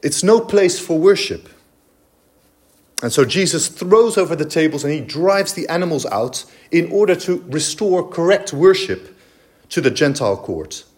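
A man's voice: fairly high pitch, lively intonation, moderate pace, darkish tone. A man preaching a sermon in a church, emphatic and explanatory, with frequent fillers and restarts. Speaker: pastor.

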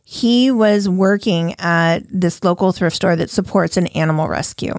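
Low-voiced woman telling stories with laughs. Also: a little slow, darkish tone, no room sound, clean studio sound. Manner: laughing, profane, acts out quotes. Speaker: podcast host. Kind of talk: casual storytelling chat.

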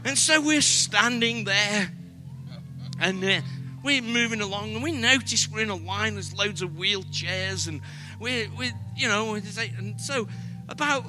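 An English man preaching a sermon, telling humorous, self-deprecating travel stories to his congregation. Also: high voice. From Britain. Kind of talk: sermon with storytelling.

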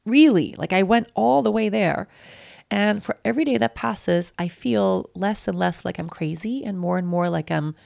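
A woman's voice: mid-range voice, moderate pace, vocal fry, darkish tone, dry recording. A woman in her thirties hosting a personal podcast, talking candidly and emotionally with many fillers, close to tears. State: near tears. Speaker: podcast host.

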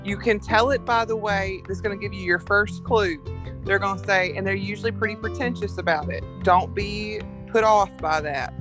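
A woman with a Southern American accent, a coffee entrepreneur talking frankly and telling animated stories as a podcast guest. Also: mid-range voice, moderate pace, music in the background. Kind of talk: casual podcast conversation.

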